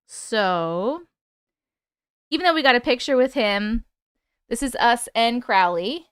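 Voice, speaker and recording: Young female streamer, higher pitch, casual excited chat with some swearing. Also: slow, smooth, dry recording, studio quality. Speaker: host.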